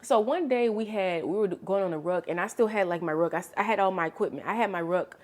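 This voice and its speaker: A young adult woman vlogger telling a story in casual, chatty storytime style. She is expressive and animated, and she calls the listener honey and girl. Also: mid-range voice, fast talker. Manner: animated, expressive storytelling with sharp swings in loudness.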